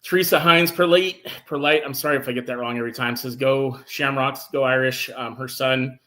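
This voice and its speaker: A man hosting a casual sports talk show, enthusiastic and animated, reading out viewer comments. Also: mid-range voice, fairly quick. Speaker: podcast host.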